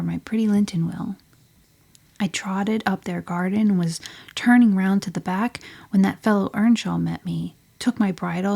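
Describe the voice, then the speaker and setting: In an audiobook reading, a woman with a medium-pitched, dark voice plays a spirited, headstrong teenage girl telling her story. She often sinks to a breathy near-whisper.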